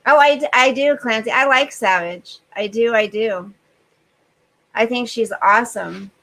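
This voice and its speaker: Woman, overheated live-stream host, high voice, unhurried, chatty with chat readers. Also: fairly bright tone, rough recording. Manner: chatty, reads viewer comments aloud and answers them. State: overheated and sweaty. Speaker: livestream host.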